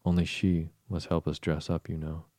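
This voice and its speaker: A man with a very deep voice, reading the lines of a sulky, grave twin brother in a bedtime storybook. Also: little pitch movement, moderate pace, dark tone, dry recording. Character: sulky gloomy boy twin.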